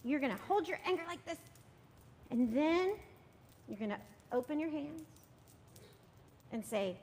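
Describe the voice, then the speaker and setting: Woman, children's sermon leader, high and gentle, coaxing; church reverb, faint rumble. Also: expressive, unhurried, pauses often. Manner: gentle, coaxing, often asks "right?". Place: church sanctuary.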